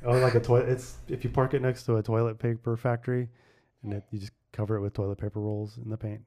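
A man hosting a casual podcast with his kids, playful and quick to laugh as he quizzes them. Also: medium pitch, flat delivery, mellow. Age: adult. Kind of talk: casual family podcast chat.

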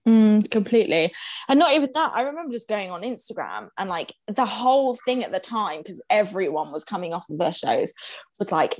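A young woman chatting casually, animated, swearing freely and laughing often. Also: mid-range voice, fairly quick. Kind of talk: casual chat.

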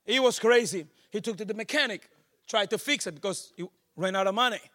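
High-voiced preacher, hushed to shouting. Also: male voice, a little fast. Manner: swings from hushed storytelling to shouted exhortation. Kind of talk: sermon with storytelling.

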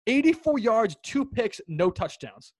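A young man with a high voice runs a casual sports chat, getting worked up and cursing freely as he tells his stories. The recording is close and dry, with no room sound. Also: unhurried, no room sound. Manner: excitable, swearing, animated storyteller. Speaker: podcast co-host.

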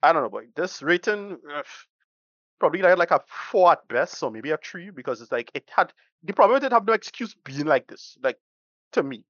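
In a brisk, very animated delivery, a podcast co-host reviews a film with blunt rambling and free swearing in Caribbean-style English. His voice is a little high and a bit bright, and the sound is lo-fi with no echo.

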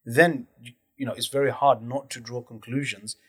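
A man's voice: mid-range voice, fairly even intonation, normal speed, fairly bright tone, breathy edge, dry recording, studio quality. A man hosting a casual podcast chat, explaining his views thoughtfully and at length.

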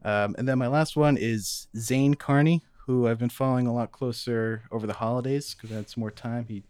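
A man co-hosting a podcast, chatting in a relaxed way with lots of fillers. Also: mid-range voice, fairly quick, smooth, no echo. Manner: relaxed, filler-heavy enthusing. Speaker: podcast co-host. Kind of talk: casual chat.

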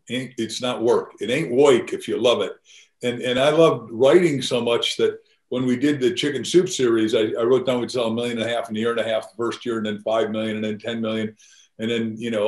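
A man's voice: medium pitch, darkish tone. An older man from the United States, a guest author talking in an emphatic, motivational way in an interview. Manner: emphatic, motivational, laughs between points. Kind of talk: enthusiastic interview talk. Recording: roomy echo.

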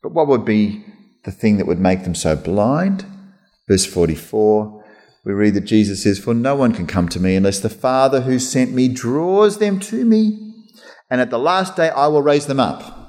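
A man preaching a conversational sermon as pastor, lively and chatty, slipping into mock voices. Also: medium pitch, normal speed. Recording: long hall reverb.

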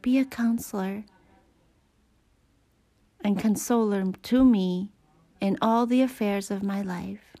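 Woman softly whispering slow prayers. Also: mid-range voice. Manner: soft, hushed and unhurried.

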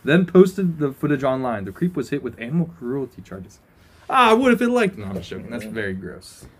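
A man's voice: mid-range voice, animated, a little fast, warm tone, slightly rough. A young man co-hosting a casual podcast, laughing a lot and reading odd news headlines aloud. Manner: laughing, playful, reads news items aloud. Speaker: podcast co-host.

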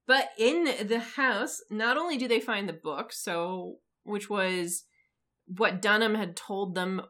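A woman co-hosting a podcast, casually recapping an episode in a relaxed storytelling way. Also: medium pitch, slow pace. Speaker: podcast co-host. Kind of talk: casual chat, recapping a show.

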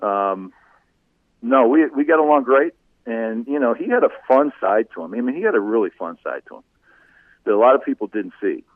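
Tinny-sounding man telling animated anecdotes. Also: mid-range voice, moderate pace, dry recording. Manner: animated anecdotes, laughs often. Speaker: former sportscaster, guest. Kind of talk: conversational storytelling. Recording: tinny phone-like line.

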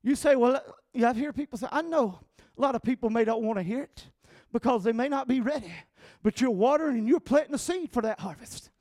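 Southern male pastor, very high pitch, dry close mic, emphatic sermon delivery with shouted peaks. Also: brisk, dry recording. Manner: emphatic, calls for amens, rising to shouts.

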